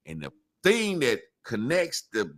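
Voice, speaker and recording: A man's voice: mid-range voice, a little slow, no echo, studio quality. A man telling a long story in casual chat, swearing freely and acting out what others said. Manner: profane, animated storytelling, acts out quotes. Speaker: podcast co-host.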